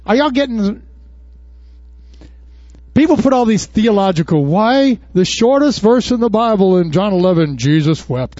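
A man preaching a sermon in a folksy, animated way, full of rhetorical questions, then leading a prayer. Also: very high-pitched, normal speed, pauses often, no room sound, lo-fi sound. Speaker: pastor.

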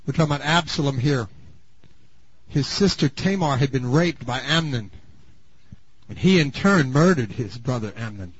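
A man preaching a sermon, dramatic and swinging from loud bursts to hushed asides. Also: fairly high pitch, slightly rough. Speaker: pastor. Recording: dull lo-fi sound.

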